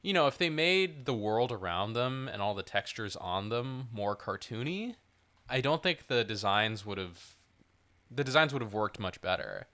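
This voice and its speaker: A man co-hosting a casual movie chat, talking in an animated, swearing way and slipping into mock voices for jokes. His voice is forceful and bright, with a smooth, resonant tone. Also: fairly low pitch, normal speed. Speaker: podcast co-host.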